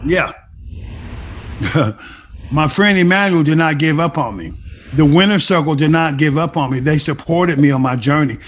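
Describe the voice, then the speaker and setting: A middle-aged man with a somewhat high voice tells his recovery story to an interviewer. He talks with emphasis, like a testimony, and slips into the voices of people from his past as he retells their words. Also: moderate pace, pauses often. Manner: emphatic storytelling, acting out remembered dialogue. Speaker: guest sharing a recovery story. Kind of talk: personal testimony.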